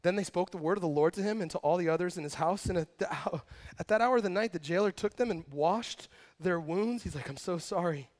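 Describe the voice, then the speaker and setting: A young man preaching a casual, lively sermon, joking and acting out quotes as he tells a story. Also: sits high, brisk. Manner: animated, jokey storytelling with acted quotes. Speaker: pastor.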